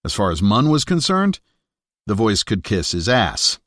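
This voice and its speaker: A man narrating an audiobook thriller in a steady, measured reading on a close studio mic. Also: on the low side, dry recording. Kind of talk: scripted narration.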